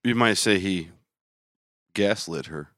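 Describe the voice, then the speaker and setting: A man with a very deep voice trades dry, deadpan jokes as a podcast co-host. The sound is close and dry, with no room around it. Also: takes it slowly, no echo. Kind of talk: casual chat.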